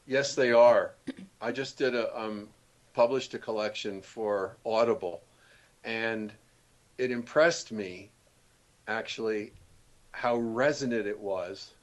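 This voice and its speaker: A man's voice: fairly low pitch, steady tone, takes it slowly, pauses often. An older man, an author and storyteller, chatting as an interview guest, telling anecdotes and laughing often. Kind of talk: casual interview chat.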